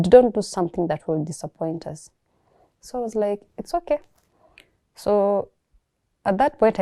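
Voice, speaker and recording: A young Kenyan woman calmly telling her personal story, reflective and soft-spoken, often pausing to restart a thought. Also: on the low side, no room sound, clean studio sound. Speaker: guest sharing her story. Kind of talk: personal testimony.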